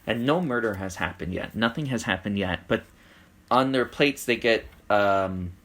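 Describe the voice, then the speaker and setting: A podcast co-host with a lowish voice and moderate pace tells a story in casual conversation, animatedly acting out the voices of the people involved.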